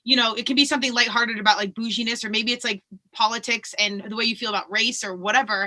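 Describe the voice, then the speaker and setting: A woman hosting a podcast in casual chat, bubbly and quick, with lots of "like" fillers. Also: a little high, steady tone, pushed and bright. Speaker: podcast host.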